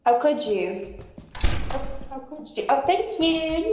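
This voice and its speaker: High, very slow playful woman gamer. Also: sing-song, echoey room, noisy background. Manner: teasing, playful. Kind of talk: casual gaming chat.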